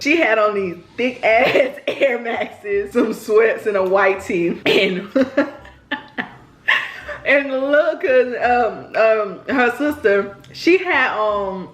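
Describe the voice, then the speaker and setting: A woman's voice: medium pitch, takes it slowly. Chatty young woman telling a story. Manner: chatty, rambling, addresses viewers directly. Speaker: vlogger. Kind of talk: casual storytime. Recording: roomy echo.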